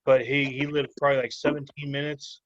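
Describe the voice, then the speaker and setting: A man's voice: mid-range voice, flat delivery, fairly quick, dull audio. A man telling a rambling, easygoing story on a casual podcast. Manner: rambling, with many fillers. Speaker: podcast guest.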